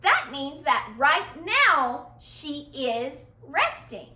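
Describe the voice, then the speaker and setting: A woman teaching a children's phonics lesson, speaking patiently and slowly to young learners. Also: sits high, big pitch swings, sharp tone, reverberant. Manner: slow, patient, sing-song teacher talk to young learners.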